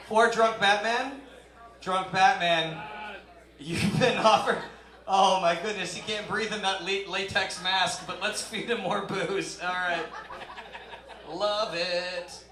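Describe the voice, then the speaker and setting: A male stand-up comedian with a high, bright, forceful voice rambles through a loose, self-deprecating set. He talks into a handheld mic on a club stage, and the room's echo rings around him. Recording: roomy live club sound.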